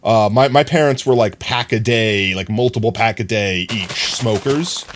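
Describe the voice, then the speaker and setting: A man's voice: fairly low pitch, normal speed, slight background noise. A man streaming live, chatting casually with viewers and telling stories in a loose, rambling way, full of fillers. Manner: reads and answers chat comments.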